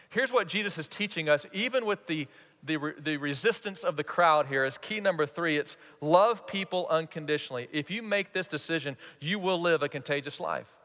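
A man preaching a sermon as pastor, animated and playing out quoted voices. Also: a little high, brisk. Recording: reverberant hall.

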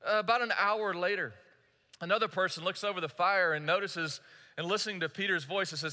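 High, bright-voiced male preacher. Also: a little fast. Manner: storytelling, earnest, directly addressing the congregation. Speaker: pastor. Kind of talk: sermon. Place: church sanctuary. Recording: echoey church hall.

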